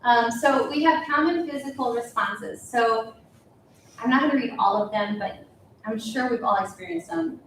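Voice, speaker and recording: A woman's voice: a little high, normal speed, slight background noise. A woman presenting casually to a small group of parents, chatty and rambling, with lots of fillers and easy laughs. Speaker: school presenter at a parent night. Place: school meeting room. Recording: echoey room heard from a distance.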